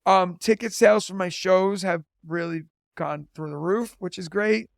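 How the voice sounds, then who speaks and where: A man in his thirties talks easily as an interview guest, spinning stories with a high voice and a steady stream of "like" fillers. The sound is dry and close, with no room around it. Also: normal speed, creaky, dry recording. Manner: chatty storyteller, lots of "like" fillers. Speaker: podcast guest, teacher and comedian. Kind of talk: casual interview chat.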